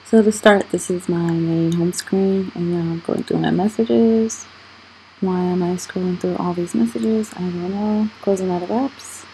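Young adult woman, channel host; dark, relaxed tone, rambling unhurried walkthrough delivery. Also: lowish voice, slight background noise, low-quality recording. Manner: rambling, questions her own scrolling. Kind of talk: casual screen walkthrough vlog.

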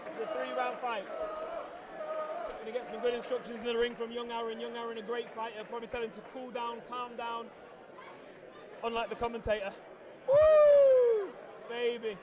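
Excitable man shouting ringside commentary. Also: extremely high pitch. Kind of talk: excited live fight commentary. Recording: loud crowd and noise at a boxing event.

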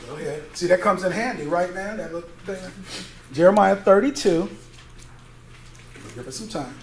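A man's voice: high-pitched, moderate pace. A male pastor teaching a Bible study sermon in a conversational way, asking his congregation to fill in words as he reads scripture aloud. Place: church sanctuary. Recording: echoey church room, faint noise.

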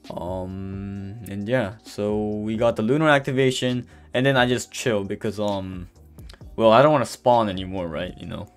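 A man's voice: lowish voice, clean tone. A man giving a casual gameplay voice-over, rambling with many fillers and restarts and openly stumbling over his words. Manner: says he is stuttering and can barely speak. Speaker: gameplay commentator. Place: voice-over recorded apart from the footage. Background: faint background music.

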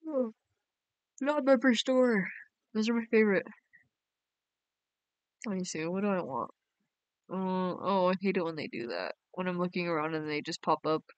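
A woman's voice: on the low side, moderate pace, pauses often, clear, resonant tone, no room sound. A young woman, chatting casually on a game live stream and reading her chat aloud in a bubbly way. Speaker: game livestreamer.

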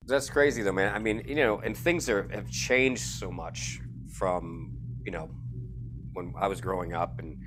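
A man's voice: deep voice, steady tone, a little slow, fairly bright tone, a little hiss or hum. A man in his fifties co-hosting a casual interview, reflective and laid-back, comparing how things used to be with how they are now. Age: 50s. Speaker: podcast co-host.

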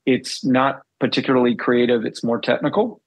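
A middle-aged man, a former band bassist, telling stories in a casual interview and acting out the dialogue he recalls. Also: moderate pace, highs cut off. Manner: animated storyteller, acts out quoted dialogue.

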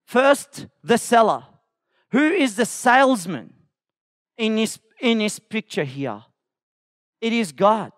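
A man with a strikingly high voice preaches slowly and deliberately, leaning hard on each phrase. His sermon turns impassioned and climbs to shouts as he calls out. The sound is dry and close. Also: dry recording. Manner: impassioned preaching, rising to shouts when voicing God's call. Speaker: pastor.

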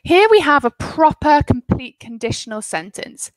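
Woman, English teacher in a live online class, encouraging and clear, slightly high voice, dry close sound. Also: expressive, normal speed, no room sound, poor audio. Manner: encouraging, clear teacher talk with praise and explanations.

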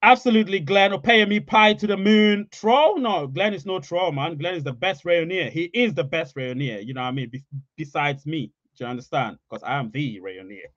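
Livestream host, man, higher-pitched, emphatic and repetitive; dry, slightly dull mic sound. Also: normal speed, fairly bright tone, dry recording. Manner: emphatic, repeats phrases for emphasis. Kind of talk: casual live chat, reading comments.

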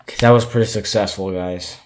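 A man giving casual, excitable commentary while playing a video game, gasping at finds and talking to his viewers. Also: fairly low pitch, brisk, a little hiss or hum. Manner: excitable, gasps and exclaims at discoveries, chats to viewers. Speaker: gaming channel host.

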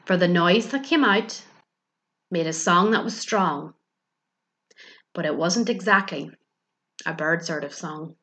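A librarian reading a rhyming picture book aloud for children. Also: female voice, lowish voice, slow, long pauses, bright, forceful tone. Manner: rhythmic rhyming delivery. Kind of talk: storybook read-aloud for children.

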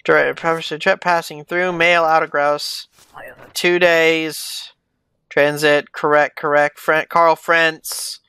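A man's voice: a little high, little pitch movement, slow pace, sharp tone, clean tone, no echo. A man giving casual let's-play commentary, reading documents aloud and muttering asides to himself. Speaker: gaming YouTuber.

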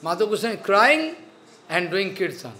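Man, high voice, earnest sermon, repeats himself. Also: big pitch swings, sharp tone. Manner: repeats phrases and restarts, slow and earnest. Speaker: spiritual teacher.

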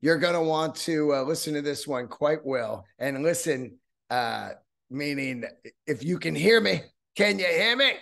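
A man's voice: on the high side, a little slow, gravelly. Loose, profane male podcast host. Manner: loose, profane, rambling with asides. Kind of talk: casual solo podcast monologue. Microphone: studio podcast mic.

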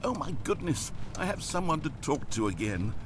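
A man's voice: on the high side, sing-song, normal speed, background noise. A man voicing a weary, dramatic video game narrator who is trapped with the player and swings between pleading despair and scorn. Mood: relieved.

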